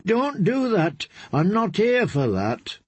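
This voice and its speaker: A man's voice: high-pitched, big pitch swings, takes it slowly, breathy edge, no room sound, pitched above the performer's own voice, exaggerated voice. A man voicing an earnest, timid young man who pleads and protests in an audiobook. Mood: earnest pleading.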